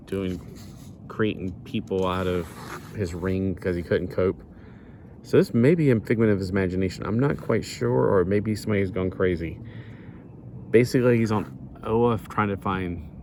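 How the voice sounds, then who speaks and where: Low-voiced man rambling through a comic review. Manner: meandering, loses his place and corrects himself. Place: outdoors near the beach. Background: faint wind.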